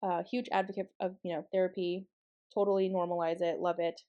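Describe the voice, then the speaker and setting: A young woman vlogger rambles casually through a planner voice-over, chatty and full of fillers, asides, and tangents. Her voice is fairly low and dark, moves little in pitch, and goes at a brisk pace, with dull audio.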